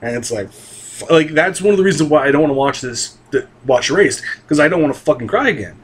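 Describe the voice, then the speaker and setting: A young man with a slightly high, husky voice rambles casually about anime as an anime vlogger. He talks fast with lively intonation, swears freely, and keeps restarting sentences amid lots of fillers.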